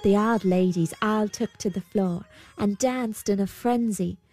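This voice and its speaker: A woman narrating a folktale in a measured storybook manner. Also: medium pitch, over music.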